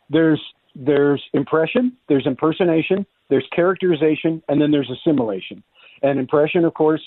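A man who works as a voice actor, chatting in a radio interview and breaking into quick character voices. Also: a little high. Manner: animated, drops into voices and impressions. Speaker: voice actor guest. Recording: tinny phone-line sound.

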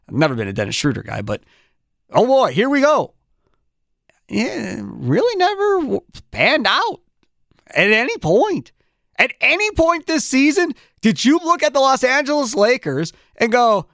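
A man hosting a sports talk show, giving strong opinions in an animated way with quick restarts. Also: extremely high pitch, dry recording, studio quality.

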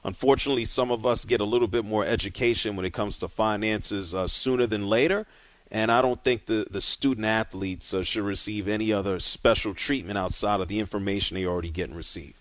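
A man hosting a sports talk radio show, speaking casually and directly and moving callers along briskly. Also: fairly low pitch, no room sound.

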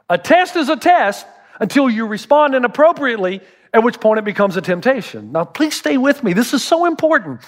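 Delivering a sermon, this middle-aged pastor spins funny stories and performs each quoted voice himself. He speaks in a very high voice that trails off into long reverb.

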